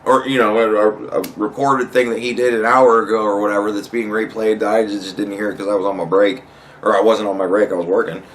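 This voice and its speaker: A man's voice: lowish voice, flat delivery, fast talker, slight background noise. A man hosting a podcast in a casual, rambling comedic monologue, swearing freely and laughing often. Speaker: podcast host.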